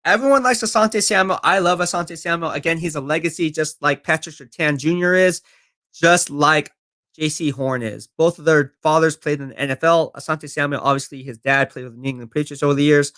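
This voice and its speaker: A man's voice: fairly high pitch, a little fast, fairly bright tone. A man live-streaming football talk, reading viewer comments and answering them in a confident, chatty way. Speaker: sports streamer.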